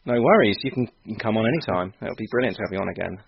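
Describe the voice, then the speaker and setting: A man hosting a podcast in casual chat, upbeat and quick to laugh. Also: fairly low pitch, animated, vocal fry, husky, dry recording, dull audio. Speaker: podcast host.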